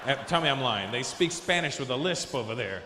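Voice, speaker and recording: Animated male stand-up comic in a hall. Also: medium pitch, crowd noise, background noise. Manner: animated storytelling with quick voice switches. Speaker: stand-up comedian. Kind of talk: stand-up comedy set. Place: large comedy venue.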